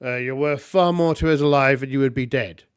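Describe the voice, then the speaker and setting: A man's voice: medium pitch, fairly quick, smooth, no room sound, clean studio sound, natural voice. Man doing a defiant rebel woman.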